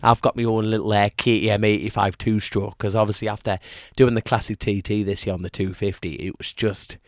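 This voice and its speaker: A man's voice: on the low side, little pitch movement, brisk, no echo, studio quality. A young man co-hosting a casual podcast chat. He rambles, jokes, loses his thread and laughs often. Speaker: podcast co-host.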